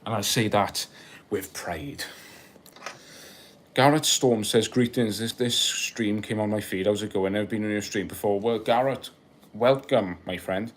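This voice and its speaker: This is a young man from Wales running a relaxed live stream, where he reads out comments, jokes around, laughs a lot and rambles through tangents. He speaks at a measured pace in a fairly low voice, with a little hiss or hum in the recording.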